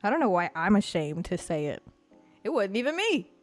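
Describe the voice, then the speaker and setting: A young woman hosting a podcast, rambling frankly through a personal story, laughing often, and she says she is high. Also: very animated, a little fast, soft background music. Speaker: podcast host. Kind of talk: casual confessional chat.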